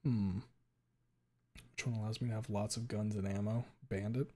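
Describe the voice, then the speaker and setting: A man streaming live, chatting casually with his viewers. He swears often, fills his talk with "like", and gets loud and high when something amuses him. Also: little pitch movement, moderate pace.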